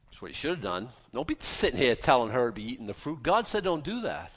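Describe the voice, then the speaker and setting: A man preaching with a folksy, down-to-earth bite, firing rhetorical questions at his listeners. He slips into animated voices as he talks, and his voice sits at an ordinary middle pitch for a man. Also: fast, hardly any pauses. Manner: animated, acts out voices of biblical figures. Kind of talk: sermon.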